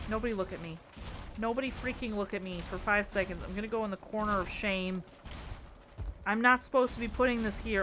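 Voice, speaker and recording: A woman's voice: mid-range voice, a bit bright, slight background noise. Chatty woman streamer muttering while building. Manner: chatty, talks to herself and chat, playful muttering.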